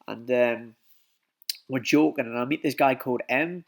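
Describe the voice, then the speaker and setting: A man's voice: mid-range voice, moderate pace, vocal fry. A young man telling a rambling, casual story, swearing a lot and filling with likes and ums. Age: young adult. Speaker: vlogger.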